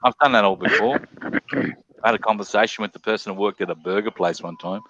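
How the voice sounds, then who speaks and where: A man's voice: lowish voice, fast talker. An Australian man hosting a live panel stream, chatting casually with lots of swearing and jokes. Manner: swearing, animated, jokey. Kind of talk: casual chat. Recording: dull lo-fi stream audio with faint noise.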